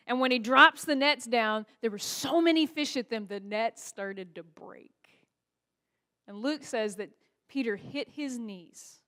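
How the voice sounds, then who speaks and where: A woman's voice: on the high side, normal speed, a bit bright. A woman pastor preaching a sermon in a church, asking the congregation rhetorical questions. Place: church sanctuary.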